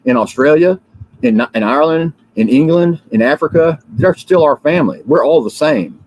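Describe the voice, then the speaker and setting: Just woken up and still drowsy, a man from the United States rants on his livestream about politics, fiery, repetitive, and peppered with fillers and false starts. His voice sits on the high side, slightly mellow, with lively intonation at a normal speed, captured in a low-quality recording.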